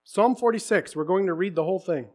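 A man preaching a sermon to his congregation, swinging from quiet, candid talk to impassioned shouting. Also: high-pitched, quick pace. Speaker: pastor.

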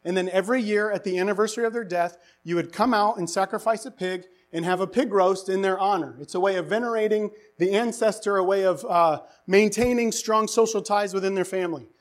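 A man preaching a sermon, animated and asking the congregation rhetorical questions, his voice rising to near-shouts for emphasis. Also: high-pitched, a little fast, few pauses. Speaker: pastor.

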